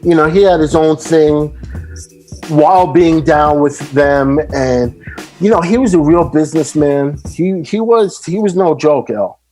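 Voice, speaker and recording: A middle-aged man, a podcast guest, telling stories in casual chat and animatedly acting out the people he quotes. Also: fairly high pitch. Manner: animated, acts out quoted voices. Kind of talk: casual storytelling.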